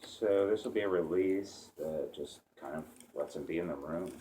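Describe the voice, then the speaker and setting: Low-voiced male evaluator, friendly questioner, faint hiss behind. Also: moderate pace, mellow. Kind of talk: casual interview.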